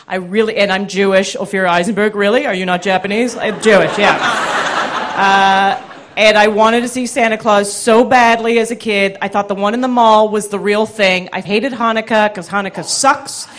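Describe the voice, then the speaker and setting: A woman telling a funny personal story live on stage with animated, self-deprecating comic timing, into a stage microphone. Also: medium pitch, normal speed, slight background noise. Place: live stage before an audience.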